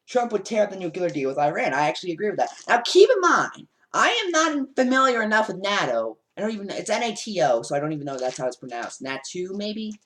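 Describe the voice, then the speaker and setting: Brief: woman commentator, sarcastic and rambling, lively swinging pitch. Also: fast talker, hardly any pauses. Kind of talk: casual political commentary.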